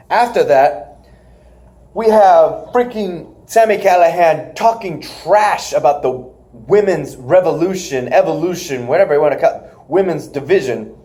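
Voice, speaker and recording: A young man talks through wrestling matches in a loose podcast chat. His voice sits a bit high and jumps all over, and he laughs often and sometimes slips into a squeaky imitation. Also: warm tone. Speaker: podcast co-host reviewing wrestling. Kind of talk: casual recap chat.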